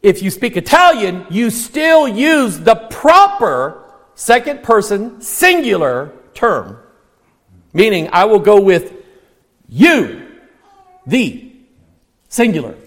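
A man preaching with a high-pitched voice, pressing his points with rhetorical questions and sudden near shouts. His voice rings out with the long reverb of a big hall. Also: very animated, takes it slowly, long pauses. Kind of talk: sermon.

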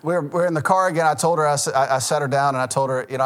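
His voice a little high, this Southern-accented pastor in his thirties races through a conversational sermon. He stops to correct himself and laughs at the stories he tells.

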